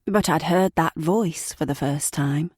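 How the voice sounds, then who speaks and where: Slow, sombre woman audiobook narrator. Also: deep voice, darkish tone, slightly rough, no room sound, clean studio sound. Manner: slow, measured, sombre reading. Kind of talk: first-person true crime audiobook narration.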